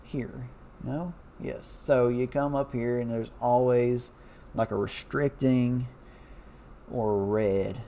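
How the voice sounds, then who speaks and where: Gravelly, mellow-voiced man rambling casually. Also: medium pitch, fairly even intonation, takes it slowly, slight background noise. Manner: loose and chatty, many fillers, self-correcting. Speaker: former railroad worker. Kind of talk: casual rambling talk over a map.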